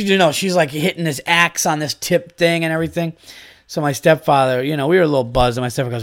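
A man's voice: on the high side, quick pace, a bit bright. A man in his thirties hosting a podcast, telling a casual story with an exasperated, mocking rant full of swearing. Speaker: podcast host.

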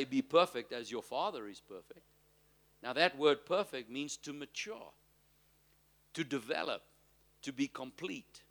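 A man preaching a sermon as pastor, calling out to the congregation and drawing out key phrases slowly, swinging from loud to soft. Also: medium pitch. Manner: preaching with call-and-response to the congregation.

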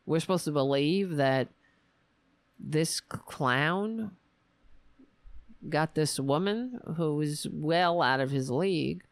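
A woman hosting a political podcast, talking in a sarcastic, mocking way and slipping into shrill impressions of her opponents. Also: takes it slowly, pauses often, dry recording. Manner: mocking, switches into shrill mimicking voices.

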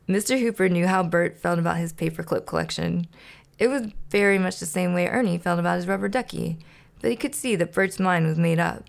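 A woman's voice: fairly low pitch, fairly quick, creaky. A woman podcast host reading a children's storybook aloud in a playful way. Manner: playful, laughs to herself.

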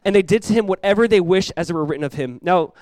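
A young man delivers a sermon in a relaxed, chatty style, filling it with "like" and brief voiced quotes. His voice sits somewhat high and he talks quickly. The sound is dry and close, with no room echo. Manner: conversational preaching, peppered with "like", voicing Jesus and the disciples. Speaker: pastor.

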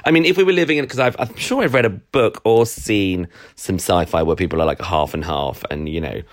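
A man co-hosting a podcast, chatting in a playful way and quick to laugh. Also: deep voice. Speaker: podcast co-host. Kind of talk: casual chat.

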